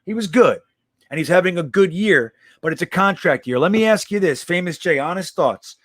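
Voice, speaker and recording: A man's voice: sits high, expressive, normal speed, a bit bright, no room sound. A man hosting a casual live stream, reading viewer comments aloud with a blunt, profane, reactive manner.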